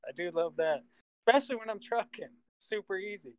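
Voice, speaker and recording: A man's voice: sits high, expressive, a little fast, clear, resonant tone, no room sound, rough recording. Guy joking around and cussing on a stream, dry close mic, fiddling with his computer. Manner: joking, swears freely, mutters while fiddling with a computer. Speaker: host. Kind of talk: casual banter on a livestream.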